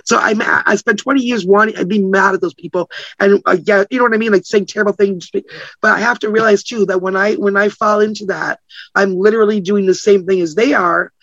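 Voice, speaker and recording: A woman's voice: medium pitch, fairly even intonation, brisk, no echo. A woman being interviewed as a guest, talking animatedly, acting out quoted voices and laughing often. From Canada. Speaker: guest publicist. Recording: slightly muffled, dry sound.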